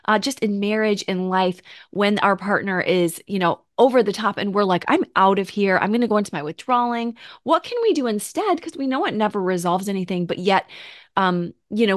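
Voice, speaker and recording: A woman's voice: mid-range voice, no echo. Affirming woman host, dry sound. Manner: warm, affirming, frequent murmured agreement. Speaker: podcast host. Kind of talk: interview hosting.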